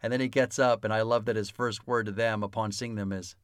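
A man's voice: on the low side, steady tone, a little fast, smooth, no room sound, clean studio sound. A man co-hosting a casual film podcast, swearing freely and laughing often as he talks. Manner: profane, laughs often, mock-stern teasing. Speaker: podcast co-host. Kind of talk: casual chat about a film.

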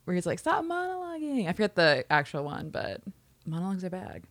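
A woman co-hosting a casual recap podcast, chiming in with quick remarks and laughing along. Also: low voice, fairly bright tone, no echo. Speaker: podcast co-host.

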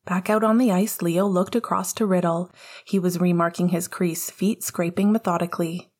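A woman narrating a fan-fiction audiobook with steady storytelling, giving the dialogue small character voices. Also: fairly low pitch, normal speed.

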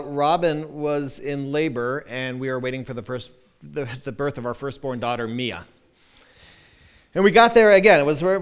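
A man in his thirties, a pastor, telling a personal story in a sermon with animated, self-deprecating humor and many restarts. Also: fairly high pitch, clear, resonant tone.

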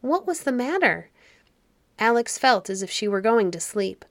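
A woman narrating a children's fairy story audiobook in a calm, measured way. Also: fairly high pitch, no echo.

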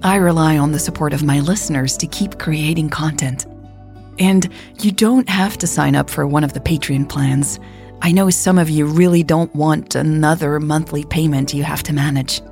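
A woman host narrating a scripted audiobook in a calm, measured way. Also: deep voice, faint music behind.

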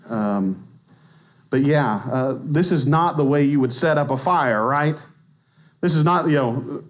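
A man, raised in Arkansas, preaches in a church at a middle pitch. His talk stays loose and chatty, full of joking asides. He lifts his voice to act out the quotes. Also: measured pace. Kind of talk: conversational sermon. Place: church sanctuary.

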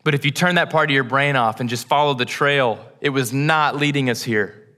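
Bright-voiced young pastor preaching slowly. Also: male voice, medium pitch. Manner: earnest, with slow emphatic pauses and lists. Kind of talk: sermon. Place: church sanctuary.

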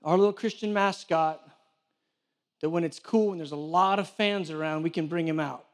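A church director and preacher delivers a sermon to a live congregation in a church hall, his voice pitched unusually high for a man. He moves at a moderate pace, telling animated stories and poking fun at himself as he goes.

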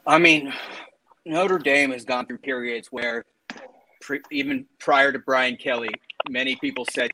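A man's voice: medium pitch, steady tone, unhurried, pushed and bright, a little hiss or hum, poor audio. A man co-hosting a casual sports talk show, opinionated and laughing as he argues his points. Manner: opinionated, laughs while arguing. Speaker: co-host.

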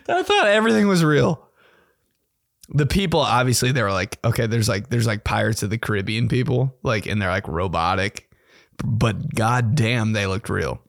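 A man's voice: mid-range voice, fairly bright tone, dry recording, studio quality. A young man hosting a podcast, telling a story in a casual, profane, slangy way and laughing often. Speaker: podcast host.

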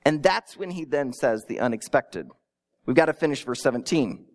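A pastor preaching a sermon, telling it with animated storytelling and acting out imagined listeners, with small stammers. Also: mid-range voice, normal speed. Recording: long reverb in a large hall.

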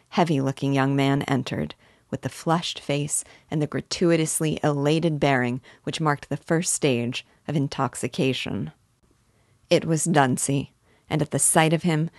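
A woman narrating a classic novel in a measured, even storytelling manner. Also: sits low, no room sound, clean studio sound.

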